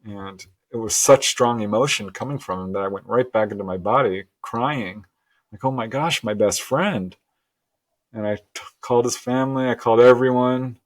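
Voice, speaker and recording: A middle-aged man as a guest, telling a personal story earnestly and with animated laughs. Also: mid-range voice, normal speed. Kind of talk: storytelling interview.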